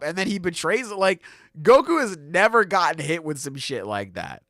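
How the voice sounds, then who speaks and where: Animated, swearing young podcast host. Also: male voice, high-pitched, normal speed, no echo, studio quality. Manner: animated, swearing, laughing often. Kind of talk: casual chat.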